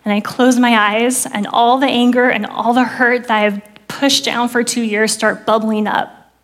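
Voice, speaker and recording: A woman with a fairly high voice preaches in church, sharing her testimony in earnest storytelling at a slightly slow, flat delivery. When quoting prayers, she drops her voice softly.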